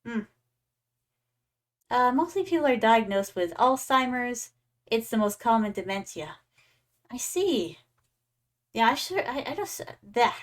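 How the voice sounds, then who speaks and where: Young adult female streamer with a slightly high voice and an easy, playful chatter toward her viewers. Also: very animated, measured pace, long pauses. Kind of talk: casual gaming stream chat.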